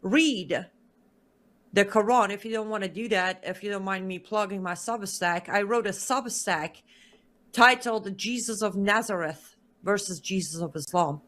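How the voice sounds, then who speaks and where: A woman guest in an interview, telling a personal story in a lively way and acting out the dialogue she quotes. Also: medium pitch, measured pace. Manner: lively narrator who acts out quoted dialogue.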